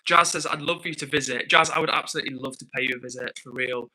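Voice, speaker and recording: A man's voice: mid-range voice, fast, sharp tone, poor audio. A young man hosting a live stream, reading viewer comments in a friendly, upbeat, chatty way.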